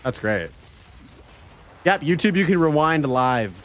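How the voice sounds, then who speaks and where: A game streamer from Canada, a man talking casually and profanely to his chat. His voice sits a bit high for a man, with a very lively, bouncing pitch. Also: unhurried. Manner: casual, profane, chatty with viewers.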